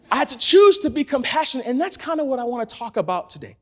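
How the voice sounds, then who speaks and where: High-voiced, animated man preaching. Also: fast talker, hardly any pauses. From Los Angeles. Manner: animated storytelling, laughing often. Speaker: church speaker. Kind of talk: sermon. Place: church in front of a congregation.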